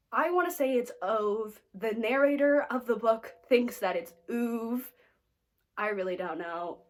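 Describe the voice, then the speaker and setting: Brief: American woman, book vlogger, chatty and snarky, mid-pitched voice. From United States. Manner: chatty, lots of "like" fillers, playfully snarky. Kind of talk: casual reading wrap-up chat.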